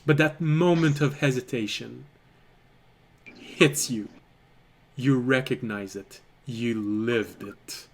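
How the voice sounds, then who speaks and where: A man narrating a tabletop fantasy game as game master, describing scenes deliberately. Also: mid-range voice. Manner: descriptive, deliberate, occasional trailing restarts.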